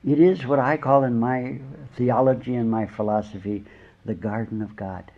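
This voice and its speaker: This is a dull lo-fi recording of a lecture by an older man, a spiritual teacher. He speaks in a mid-range voice with fairly even intonation at a normal speed, rambling through an informal sermon of stories and chuckling through conversational digressions.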